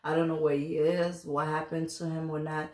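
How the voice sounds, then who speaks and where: A woman's voice: low voice, level tone, normal speed, darkish tone. A woman in her twenties, from the United States, telling a personal story to camera in a chatty, confiding, rambling way with lots of fillers. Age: 20s. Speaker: vlogger. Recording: echoey room.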